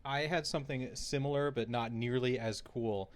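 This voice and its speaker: Man, podcast co-host, casual chat, animated storyteller, laughs through his stories, mid pitch. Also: moderate pace, dry recording.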